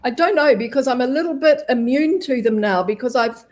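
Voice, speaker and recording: Nz lady guest on a talk show, bit high voice, rambly and friendly. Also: expressive, a little fast. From New Zealand. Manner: chatty, rambling, warm. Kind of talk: casual interview chat.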